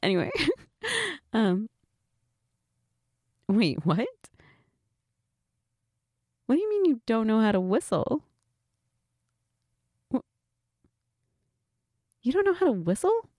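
A woman's voice: fairly high pitch, big pitch swings, slow pace, long pauses, darkish tone, no room sound, clean studio sound. A woman in a one-sided role-play chat, telling a friend a story, giggly and laughing as she talks. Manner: giggly, keeps laughing and restarting.

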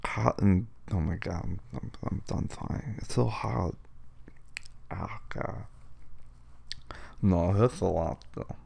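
Man, boyfriend role-play monologue, numb swollen mouth, slurred mumbling, whiny, deep, mellow tone. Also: slow, vocal fry, pauses often, breathy edge. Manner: whiny, complaining. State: numb, swollen mouth after dental work. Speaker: boyfriend talking to partner.

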